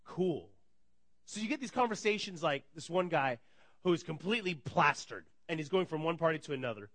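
A man's voice: on the high side, fairly quick, dry recording. A man in his thirties preaching a sermon, telling stories with energy, acting out conversations and laughing often. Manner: energetic storytelling, acts out dialogue, laughs often. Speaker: pastor.

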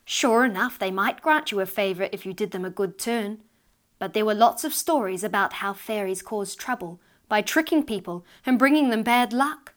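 A woman reads a fairy story aloud in a mid-pitched voice. Her telling is lively and expressive, rising in energy at the tense moments. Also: normal speed. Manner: lively, expressive reading that rises with tension. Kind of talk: storybook narration read aloud.

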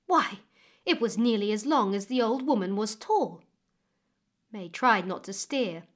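A woman narrating a fairy tale expressively with dramatic pauses, as a storyteller reading a book. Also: mid-range voice, lively intonation.

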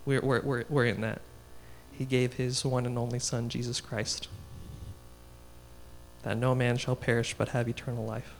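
A man's voice: mid-range voice, flat delivery, normal speed, long pauses, slight background noise. A young man giving a casual, story-driven sermon, chatty and laughing as he talks. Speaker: guest speaker.

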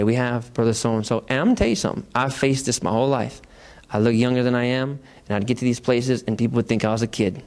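A male pastor preaching a sermon in a lively, conversational storytelling manner in church. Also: medium pitch.

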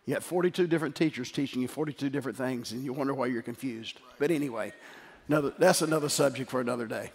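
A middle-aged man preaching a sermon as pastor, emphatic, swinging from loud declarations to quiet storytelling. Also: mid-range voice, fast, gravelly, few pauses, husky. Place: church sanctuary. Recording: long hall reverb with faint music.

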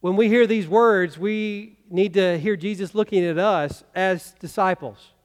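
A man's voice: sits high, a little slow. A man preaching a sermon as pastor, talking conversationally and asking the congregation rhetorical questions. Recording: long reverb of a church hall.

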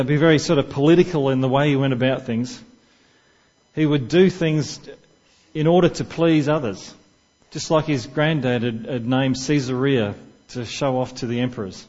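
A man's voice: fairly high pitch, a little mellow, dull audio. A man preaching a sermon in church, talking conversationally and asking the congregation questions.

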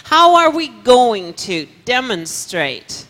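Lady pastor preaching, stresses the verses slow, big church echo. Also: fairly high pitch, big pitch swings, a bit bright. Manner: reads scripture aloud slowly with emphasis. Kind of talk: sermon. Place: church sanctuary. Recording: long reverb of a church hall.

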